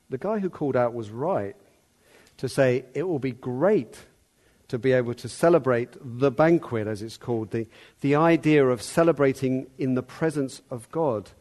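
A man's voice: mid-range voice, lively intonation, a little slow. Chatty man preaching. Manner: conversational, acts out the servant's calls loudly. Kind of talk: sermon.

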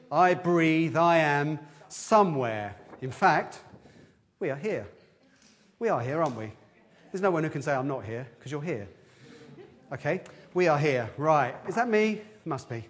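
A man giving a lively, interactive children's talk in a church service, quizzing the children as he goes. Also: on the high side. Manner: lively, questioning the children, quick asides.

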